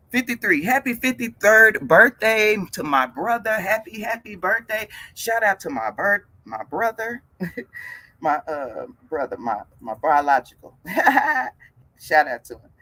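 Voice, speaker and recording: A woman's voice: low voice, big pitch swings, a little slow, bright, forceful tone. A woman in her forties hosting a casual fitness live stream, chatty and greeting her viewers by name with frequent laughs. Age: 40s.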